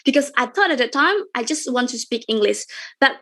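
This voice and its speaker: This webinar speaker is a young woman from Indonesia whose accent comes through clearly. Her voice is slightly high, bright, and expressive, and she talks a bit quickly. Her delivery is casual and talkative, full of fillers and repeated wording.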